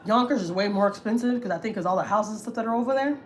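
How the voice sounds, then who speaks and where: A woman's voice: medium pitch, rapid-fire, slight background noise. A woman on a casual gossip livestream, telling family stories candidly, swearing freely and acting out what others said. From United States. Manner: candid, storytelling, swears freely, acts out quotes. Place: home.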